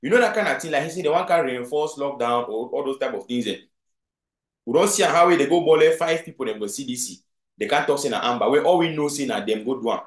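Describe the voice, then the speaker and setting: A political commentator with a Cameroonian Pidgin accent gives video commentary in an animated, mid-range voice at a quick pace, with reverberant sound. He's emphatic and often throws rhetorical questions at his audience.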